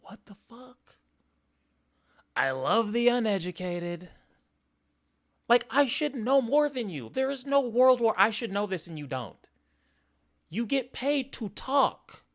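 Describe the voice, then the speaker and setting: A man rants through a reaction stream, profane and mocking. His pitch swings widely as he talks. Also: animated, slow pace, long pauses, fairly bright tone. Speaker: streamer reacting to podcast clips. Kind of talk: angry reaction commentary.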